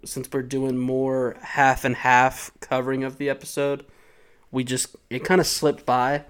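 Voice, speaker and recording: A man with an ordinary mid-range voice co-hosts a casual podcast. He reads notes aloud in a loose, offhand way. He teases and jokes with his co-host as they go. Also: mid-range voice. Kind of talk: casual chat.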